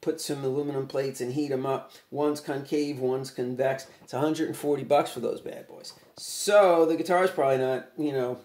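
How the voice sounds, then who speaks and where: A man's voice: medium pitch, steady tone, normal speed, hardly any pauses, a little mellow. A middle-aged man chatting casually as he walks through a home guitar repair, rambling with many fillers. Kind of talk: casual workshop vlog.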